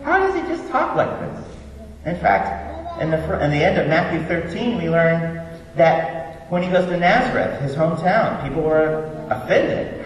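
Lively preacher man in echoing church. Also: a little high, moderate pace, crowd noise. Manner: animated, joking, self-deprecating. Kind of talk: sermon. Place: church sanctuary. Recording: echoey hall from far off, faint noise.

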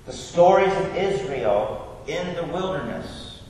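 A young adult male pastor preaches a sermon in a church, his slightly high, darkish voice moving slowly and expressively. He takes a conversational, teacherly approach, posing questions and then answering them. The recording sounds distant, caught in an echoey hall.

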